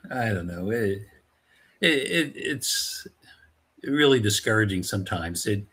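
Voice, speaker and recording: A man co-hosting a live political chat show, speaking in a measured, halting way with frequent restarts. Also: on the low side, lively intonation, a bit bright, husky. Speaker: co-host.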